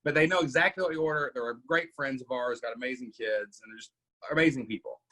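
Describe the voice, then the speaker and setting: A man's voice: medium pitch, fast, bright, forceful tone. A middle-aged man hosting a casual coaching Q&A, emphatic and often asking "right?". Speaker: podcast host coaching members.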